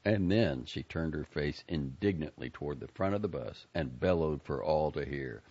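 A man narrating a story in an expressive, character-driven way. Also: rumbling low, moderate pace, few pauses, breathy edge, lo-fi sound. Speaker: audiobook narrator.

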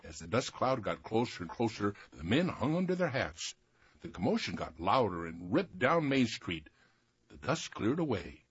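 Very animated man reading a tall tale. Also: on the low side, normal speed, breathy edge, dry recording, highs cut off. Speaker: storyteller.

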